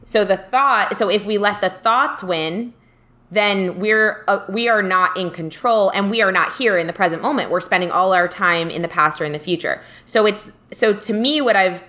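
A young woman co-hosting a relaxed conversation, with a bright, forward tone. She tells stories animatedly, full of fillers and self-corrections. Now and then a casual swear slips in. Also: medium pitch.

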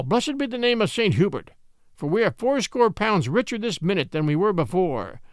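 A man voicing a rough leader of armed riders who roars and gloats. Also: high-pitched, fairly bright tone, no room sound, clean studio sound, heavily acted. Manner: roaring, gloating.

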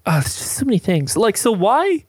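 A man's voice: high voice, big pitch swings, normal speed, dry recording. A man, a podcast guest, talking casually in a rambling, earnest way with lots of fillers. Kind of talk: casual chat.

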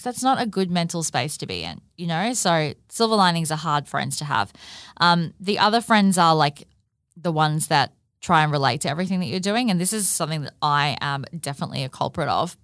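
A woman's voice: deep voice, expressive, a little fast, fairly bright tone, dry recording, studio quality. A woman hosting a solo podcast, talking frankly and casually, with swearing and many fillers like "like" and "you know". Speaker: podcast host. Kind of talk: candid solo podcast monologue.

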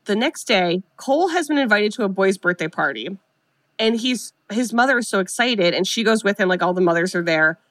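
A talkative woman walks through a film scene by scene in a relaxed, joking way and voices the characters' lines as she goes. Her voice sits at a middle pitch and sounds close and dry, with no room around it. She swears now and then and keeps a loose, conversational rhythm. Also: no echo. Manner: chatty, sarcastic, acts out characters' lines. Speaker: podcast co-host recapping a film. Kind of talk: casual chat.

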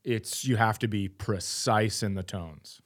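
A man's voice: fairly low pitch, measured pace. A man co-hosting a comedy podcast, riffing playfully and spinning absurd tangents. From Minnesota, United States. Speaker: podcast co-host. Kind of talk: casual comedic chat.

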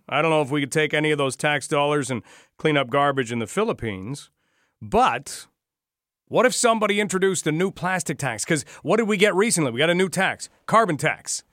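A male radio talk host, slightly high-pitched, speaking wryly and with disbelief, firing off rhetorical questions. His voice comes through a close studio mic, dry and tight with no room around it. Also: fairly bright tone, no room sound. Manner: wry, incredulous, asks many rhetorical questions. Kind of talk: radio talk show commentary.

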